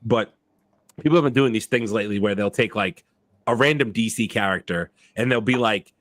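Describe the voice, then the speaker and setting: A man co-hosting a casual podcast, talking in an animated way and repeating himself when riled up. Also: fairly low pitch, a little fast, no echo. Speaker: podcast co-host.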